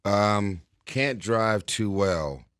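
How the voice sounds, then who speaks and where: A man in his forties, a guest in an interview, talking in a relaxed way, chuckling and putting on mock voices as he tells stories. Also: lowish voice, drawn-out words, smooth, no room sound, studio quality. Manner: laid-back, chuckling storyteller who puts on mock voices. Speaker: actor and singer, interview guest.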